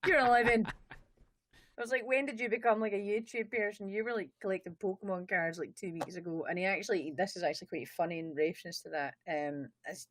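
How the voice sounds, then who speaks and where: A woman's voice: on the low side, steady tone, fast, few pauses. A Scottish woman, a Twitch streamer, chatting as an interview guest, joking about herself and laughing often. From Scotland. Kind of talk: casual interview chat. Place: studio.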